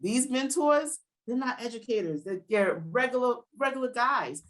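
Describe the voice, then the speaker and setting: A woman in her forties with a New Jersey accent, talking fast and animated as a guest educator in a podcast interview. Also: on the high side, poor audio.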